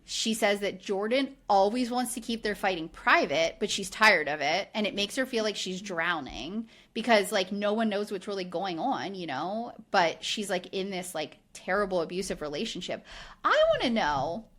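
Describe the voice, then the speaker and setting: Mid-range in pitch and moderate in pace, this woman co-hosts a podcast and recaps things casually. She's animated, uses "like" frequently, and plays out quotes in character.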